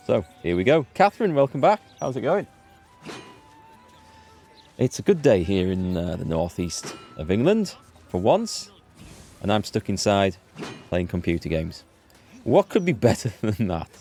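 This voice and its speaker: A man's voice: on the low side, sing-song, a little slow, long pauses, warm tone, faint music behind. A man streaming a game live from indoors at home, chatting in an upbeat way and thinking aloud as he plays. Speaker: gaming streamer.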